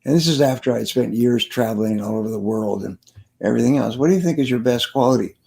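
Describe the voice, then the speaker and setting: A man's voice: mid-range voice, fast talker, creaky, darkish tone. An older man, a sales trainer being interviewed, telling stories and giving advice in an earnest way, repeating key phrases for emphasis. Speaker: sales trainer and guest speaker.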